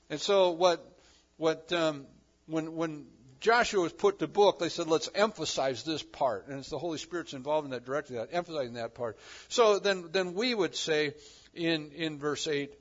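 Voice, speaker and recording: Man preaching with loud swells. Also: fairly high pitch, moderate pace, highs cut off. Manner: preaching with sweeping swings between loud emphasis and quiet asides. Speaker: pastor. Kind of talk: sermon.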